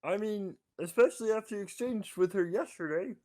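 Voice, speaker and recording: A man's voice: high voice, fairly quick, darkish tone. A man guesting on a game stream, a voice actor chatting casually and teasing the host. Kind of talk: casual chat.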